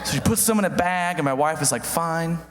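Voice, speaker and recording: Animated young man doing stand-up, high-pitched. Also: fast, crowd noise. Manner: animated, acts out voices of others. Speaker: stand-up comedian. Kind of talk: stand-up comedy routine. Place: comedy stage before an audience. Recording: live stage with long hall reverb.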